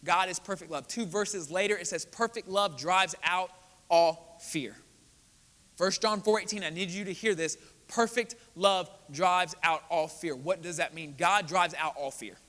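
Pastor preaching in a church hall. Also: male voice, sits high, unhurried, pushed and bright. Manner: earnest, building to emphatic preaching. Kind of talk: sermon. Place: church sanctuary. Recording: church hall with long reverb.

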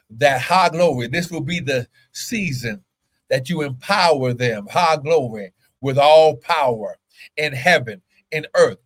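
A man preaching a fiery sermon to an online audience, swinging between shouted exclamations and hushed, intense stretches, often breaking in with "oh my God" and "come on now". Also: on the high side.

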